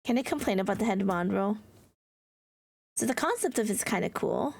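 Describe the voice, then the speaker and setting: A woman's voice: medium pitch, animated, normal speed, creaky, a little mellow, slightly rough. A woman streamer in casual livestream chat, playful and giggly as she answers her viewers, with mock-whiny dramatic teasing.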